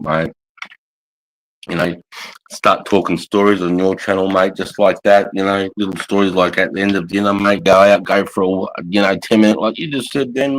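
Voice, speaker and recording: A man's voice: on the low side, a little hiss or hum, low-quality recording. A middle-aged Australian man hosting a livestream from his couch at home, chatting in a casual, sweary way and calling everyone mate. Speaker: livestream host. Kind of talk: casual live chat.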